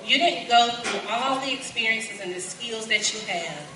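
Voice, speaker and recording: A woman in her forties with a Kentucky accent, preaching at a conference in a lively, folksy way. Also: fairly high pitch, normal speed. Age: 40s. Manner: lively, folksy, calls out to the crowd. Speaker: pastor. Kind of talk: conference sermon. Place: large conference hall. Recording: echoey hall, distant and noisy.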